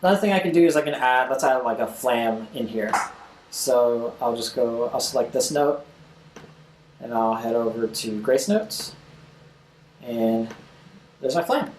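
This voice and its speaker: Young man casually explaining music software. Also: medium pitch, unhurried, long pauses, roomy sound, a little hiss or hum, poor audio. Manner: casual, talks while clicking, scats rhythms aloud. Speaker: music tutorial host. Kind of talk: screen-recorded software tutorial.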